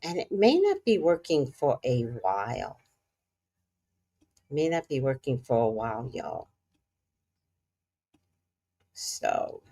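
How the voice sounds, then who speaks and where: Brief: woman vlogger, casual chat, scolds the cat, swears a lot, swings from loud to muttered, animated and unhurried. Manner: scolding a cat between remarks to viewers, frequent swearing; swings between loud exclamations and low muttering.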